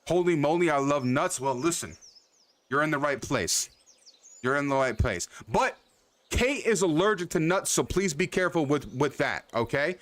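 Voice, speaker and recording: A man's voice: a little high, a bit bright. Rambling, cursing man streaming games. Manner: loose, rambling, swears freely, repeats himself; addresses viewers by name. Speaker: livestream host. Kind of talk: casual chat with live chat.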